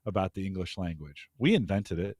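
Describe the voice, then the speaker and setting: A man from the United States with a lowish voice, chatting on a podcast in a dry, close sound. He talks reflectively, laughs easily and second-guesses his own points. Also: animated, fairly quick, a little mellow, no echo. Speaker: podcast host. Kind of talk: casual chat.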